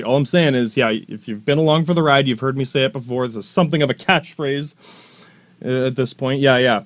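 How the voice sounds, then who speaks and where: A man's voice: medium pitch, steady tone, moderate pace, no echo. A man hosting a solo podcast, rambling through a profane, joking monologue full of asides. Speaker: podcast host. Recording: dry, dull lo-fi recording.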